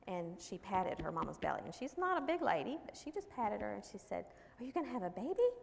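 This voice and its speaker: Gravelly woman preaching in a hall. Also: on the low side. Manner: folksy storytelling with scripture readings. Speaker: women's Bible study speaker. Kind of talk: sermon. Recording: long hall reverb.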